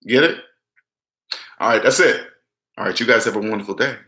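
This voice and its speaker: A man's voice: mid-range voice, brisk, sharp tone. A man giving casual finance advice on his channel in an emphatic, repetitive way. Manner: emphatic, repetitive, acts out little dialogues. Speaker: personal finance vlogger. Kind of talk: casual direct-to-camera advice. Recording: echoey room.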